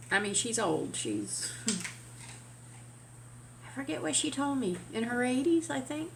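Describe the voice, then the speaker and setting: A woman vlogger telling a story in an animated, chatty way, with casual swearing. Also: mid-range voice, a little hiss or hum.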